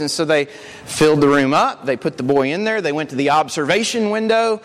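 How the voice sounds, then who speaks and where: A man's voice: on the high side, animated, brisk, long reverb tail. A male preacher giving an earnest sermon, telling stories and often repeating words. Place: church.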